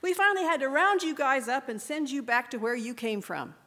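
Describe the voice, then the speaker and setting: A woman's voice: sits high, brisk, sharp tone, pitched above the performer's own voice. Woman reading as a curt, skeptical border soldier. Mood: curt, sardonic. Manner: dry, skeptical questioning. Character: weary, irritable male border soldier. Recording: echoey room with long reverb.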